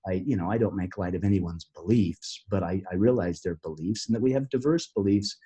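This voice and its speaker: A middle-aged man telling a personal story as a podcast guest, earnest and halting, often restarting his sentences. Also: deep voice, dark tone, slightly rough. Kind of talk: storytelling in an interview.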